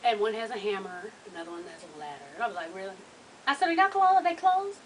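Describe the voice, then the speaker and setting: A woman's voice: mid-range voice, quick pace, a little hiss or hum. A young woman telling a long story in a casual vlog, profane and laughing through it. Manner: animated, profane, laughs through her stories. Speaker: vlogger. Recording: voice from a distance off the mic.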